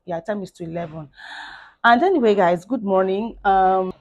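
A woman's voice: mid-range voice, moderate pace, highs cut off. A woman in her thirties from Nigeria with a Nigerian accent, talking casually and effusively to her vlog viewers. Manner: chatty and effusive, with frequent "like" and "guys". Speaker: vlogger.

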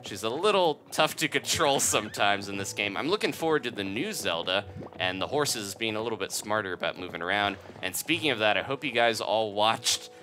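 A man giving casual, jokey commentary over a game playthrough as the video's host, chatty and quick to laugh. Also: lowish voice, expressive, sharp tone, faint music behind.

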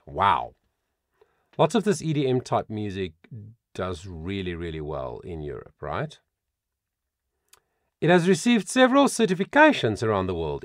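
Man, vocal coach, reaction video commentary, expressive swooping pitch, dry close sound. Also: no room sound. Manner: reads song facts aloud with animated asides.

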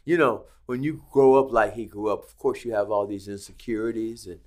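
A man's voice: on the low side, a little fast. A man telling a story as a guest in a podcast interview, acting out the lines of the people in it. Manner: animated storyteller acting out quoted dialogue. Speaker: guest, casino executive. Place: Las Vegas.

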